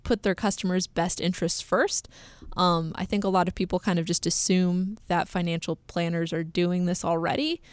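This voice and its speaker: A woman's voice: fairly low pitch, steady tone, normal speed, clean tone, dry recording. Chatty woman co-hosting, dry sound. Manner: chatty, many fillers and laughs. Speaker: podcast co-host. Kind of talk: casual chat.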